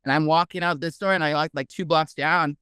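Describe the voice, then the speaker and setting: A man, a guest researcher, telling a story in a casual, animated way with many "like"s. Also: on the high side, brisk, clear, resonant tone, no echo, clean studio sound. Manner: animated, heavy use of "like".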